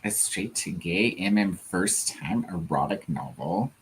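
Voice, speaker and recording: Slight background noise sits under a low voice with lively intonation and a slightly slow pace. The speaker, a co-host with a Southern US accent, drawls and giggles playfully on a live reading stream, reading viewer comments aloud and laughing often.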